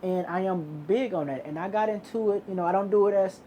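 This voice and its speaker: A woman's voice: mid-range voice, a little fast, warm tone, slight background noise. A woman hosting an interview, affirming and encouraging her guest. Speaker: host. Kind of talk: casual interview chat.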